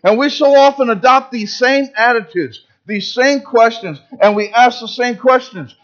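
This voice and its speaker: A pastor giving a sermon in church, preaching with emphasis and asking the congregation rhetorical questions. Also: male voice, very high voice, moderate pace, hardly any pauses, a bit bright, highs cut off.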